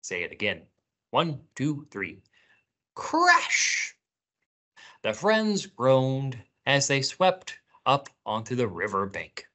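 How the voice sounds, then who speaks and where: A woman reading picture books aloud and singing to young children at library story time, inviting them to join in. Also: rumbling low. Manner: slow, animated storytelling, inviting kids to join in.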